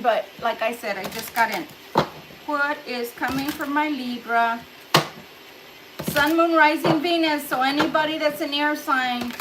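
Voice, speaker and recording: A woman's voice: high-pitched, very noisy. A middle-aged woman giving a casual tarot reading to camera. She is chatty, laughs often and acts out little reactions, a little distant from the camera at home. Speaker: tarot reader.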